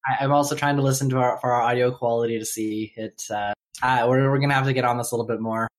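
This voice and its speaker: A man's voice: mid-range voice, fairly even intonation. A man from Canada co-hosting a podcast in casual chat, often stumbling and restarting his sentences. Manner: halting, stammering restarts. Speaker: podcast co-host.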